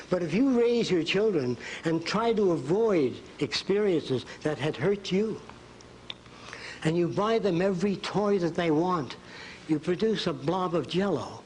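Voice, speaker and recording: In a lecture hall, an older man gives a folksy college lecture, drawing on the blackboard as he talks and acting out quotes. His voice is high with a darkish tone, and the rough recording carries a little hiss or hum.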